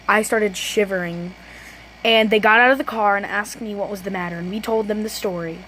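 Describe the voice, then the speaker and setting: A teenage girl telling a storytime vlog, rambling and restarting sentences, often saying "low-key.". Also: fairly even intonation, brisk, pushed and bright, slight background noise, low-quality recording. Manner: self-correcting, restarts sentences. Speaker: vlogger.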